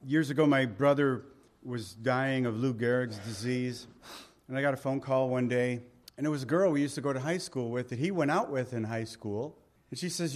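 Plainspoken pastor preaching conversationally. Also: male voice, medium pitch, fairly quick. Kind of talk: sermon and prayer.

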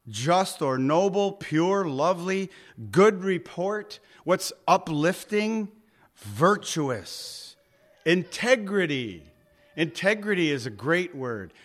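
A man's voice: on the high side, a bit bright. A man preaching a sermon as pastor, earnest and conversational, asking the listeners direct questions.

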